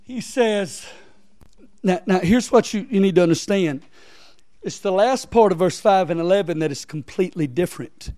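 Man, sermon, conversational preaching, high pitch, dry recording. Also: moderate pace, dry recording. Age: adult, father of three. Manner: conversational preaching, rising loud on scripture, dropping soft and low on stories. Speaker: pastor.

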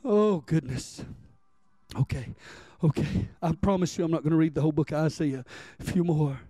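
A man preaching a sermon, animated and repetitive, stammering as he builds his points. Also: fairly high pitch, brisk, no room sound. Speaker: pastor.

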